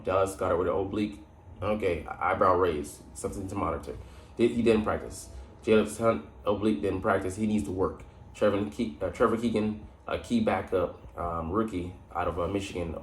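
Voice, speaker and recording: Low-voiced man rambling about football. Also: reverberant, a little hiss or hum. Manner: rambling, many fillers and self-corrections. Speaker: sports commentator. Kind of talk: casual solo sports talk.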